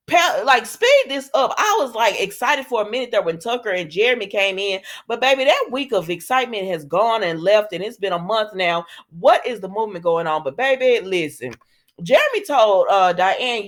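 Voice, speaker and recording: A woman recapping a soap opera in a chatty, sassy way, talking back to the characters. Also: medium pitch. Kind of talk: casual chat.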